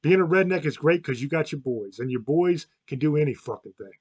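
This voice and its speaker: A man's voice: on the high side, expressive, fairly quick, darkish tone, slightly rough, no room sound, muffled recording. Brief: fired-up podcast host, man, crude and blunt, dry close sound. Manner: blunt, swearing, worked up. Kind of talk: profane podcast monologue.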